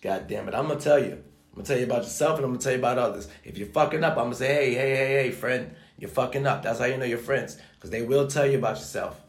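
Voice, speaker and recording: Gravelly-voiced man, emphatic and foul-mouthed preacher of self-worth, roomy echo. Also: medium pitch, racing. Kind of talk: motivational rant. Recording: echoey room.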